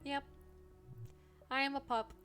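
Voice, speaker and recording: A woman's voice: high voice, fairly even intonation, takes it slowly, pushed and bright, faint music behind, heavily acted. A woman voicing an earnest, friendly ghost puppy from a game, in a chirpy, slightly clumsy way. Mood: eager. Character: friendly, eager ghost puppy named Dave. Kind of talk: reading a game's dialogue aloud.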